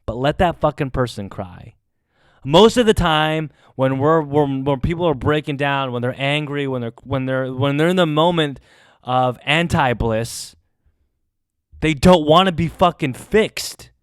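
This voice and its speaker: A man's voice: on the high side, measured pace, clear, resonant tone, no echo, studio quality. Emphatic, swearing male podcast host. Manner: emphatic, swearing, swings to loud bursts. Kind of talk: heartfelt monologue.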